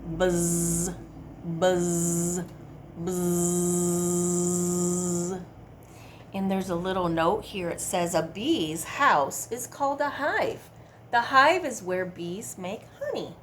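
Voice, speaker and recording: Lively, slow-paced woman reading to kids. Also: mid-range voice, slight background noise. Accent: Midwestern American. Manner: animated, coaxing kids to join in and count. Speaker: children's librarian. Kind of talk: children's storytime reading. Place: public library.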